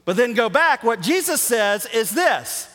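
A man preaching a sermon as pastor, energetic and jokey, sometimes rising almost to a shout for emphasis. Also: very high-pitched, a little slow. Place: church sanctuary. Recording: reverberant hall.

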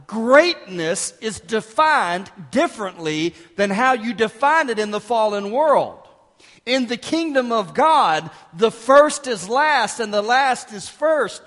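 A man preaching a sermon as pastor, emphatic and dramatic, dropping to hushed asides and rising again. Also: very high voice, sing-song, takes it slowly, big-room sound.

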